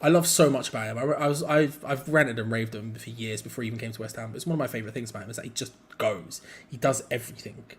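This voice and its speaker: A young man co-hosting a fan channel runs a live football watch-along in a medium-pitched voice. He mixes quick play-by-play with rambling chat and sudden excited outbursts.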